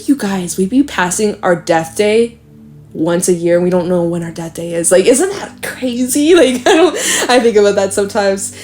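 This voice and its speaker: Young woman, tarot reader, rambling casual chat, medium pitch, faint music behind. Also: darkish tone. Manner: rambling, chatty, swears and laughs often. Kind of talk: casual tarot reading monologue.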